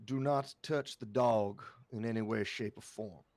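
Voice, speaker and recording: A man's voice: lowish voice, measured pace, darkish tone. A man voicing a huge, muscular, hardworking woman baker who speaks politely and plainly.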